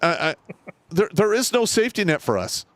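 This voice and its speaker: A man's voice: sits high, a little fast. A middle-aged man tells profane stories on a casual podcast. His voice rises and falls widely as he gets worked up. The sound is dry and close, with no room echo. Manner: profane, animated storytelling. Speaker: co-host.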